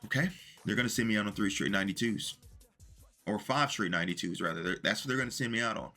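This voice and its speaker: Man, gaming commentary, low voice, forceful bright tone, chatty, thinks aloud, faint music behind. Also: fast. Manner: chatty, talks through his math aloud. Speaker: gaming video creator. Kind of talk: casual commentary to viewers while opening packs.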